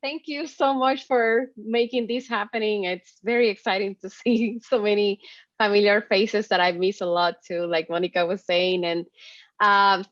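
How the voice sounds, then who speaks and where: A woman's voice: mid-range voice, steady tone, moderate pace, fairly bright tone, no room sound. A woman from Puerto Rico introducing herself as a professor on a webinar, hesitant, with many fillers. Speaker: assistant professor. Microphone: video call. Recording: dull dry video call audio.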